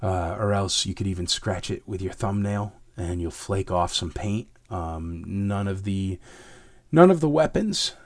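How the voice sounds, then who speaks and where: Raspy-voiced man, low, dry sound. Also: animated, measured pace, dry recording. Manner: rambling, many fillers, gets heated and emphatic about fakes. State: hoarse from illness. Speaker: host answering viewer questions. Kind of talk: casual chat.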